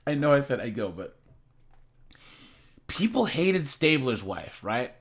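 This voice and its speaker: A man's voice: mid-range voice, sing-song, slow, breathy edge. A man hosting a reaction channel, chatting casually and rambling, repeating words and laughing often.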